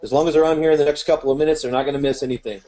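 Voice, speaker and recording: A man opens a live webinar with brisk housekeeping, telling listeners plainly what to do. His voice is a touch high and his delivery direct and motivating. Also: steady tone, dark tone. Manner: direct, motivating, gives instructions to the audience. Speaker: webinar presenter.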